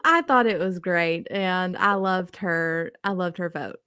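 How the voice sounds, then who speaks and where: A woman's voice: fairly low pitch, measured pace, pushed and bright, clean tone, dry recording. Chatty woman, dry close sound. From Texas. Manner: chatty, laughs often, recaps with enthusiasm. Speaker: podcast co-host. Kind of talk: casual chat.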